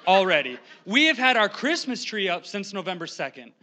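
Fast-talking, joking young preacher man. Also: sits high, big pitch swings, sharp tone. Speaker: guest preacher. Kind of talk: humorous sermon. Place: church sanctuary. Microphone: handheld microphone.

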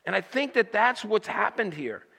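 A man preaches a sermon in a high, bright voice. He reads scripture and acts out its quoted lines with rising emphasis. A long reverb hangs around his voice, as in a large hall. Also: very animated, normal speed, creaky. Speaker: pastor.

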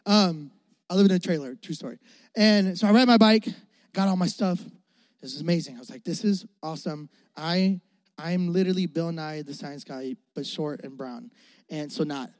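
High-voiced animated pastor telling stories. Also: male voice, moderate pace, no echo, clean studio sound. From Florida. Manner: animated, jokey, acts out his younger self. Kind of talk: comic sermon storytelling.

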